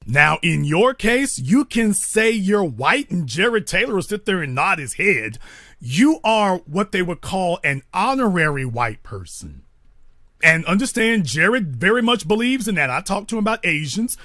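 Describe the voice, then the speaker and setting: A man's voice: high voice, sing-song, a little slow, sharp tone, no room sound, clean studio sound. A man hosting a call-in talk show, lecturing a caller in an emphatic, pointed way. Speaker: host.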